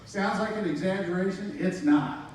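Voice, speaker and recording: Heard from a distance in an echoey hall, an American man gives a personal testimony at a moderate pace. His voice is high-pitched and a little mellow, and he talks in a casual, slangy way, acting out the dialogue as he goes.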